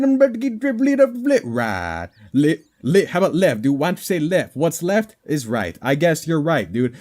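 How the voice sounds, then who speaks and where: A man's voice: fairly high pitch, very animated, moderate pace, a little mellow. A man giving goofy, rambling commentary over a game, with a slightly worn voice. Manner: goofy, rambling, jokey asides. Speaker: gaming commentator.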